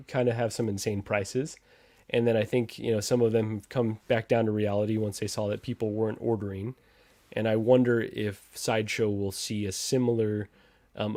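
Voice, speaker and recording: A man's voice: fairly low pitch, dark tone, no echo. Sarcastic male livestream host. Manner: sarcastic, laughs often, reads chat comments aloud. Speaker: podcast host reading live chat. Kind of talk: casual livestream chat.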